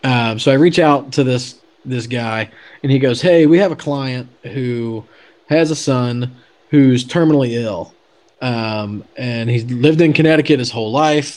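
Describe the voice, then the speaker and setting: Man, casual storyteller, talks loosely with fillers, mid-pitched. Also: unhurried, darkish tone. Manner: chatty, many fillers and restarts. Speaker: podcast guest telling a story.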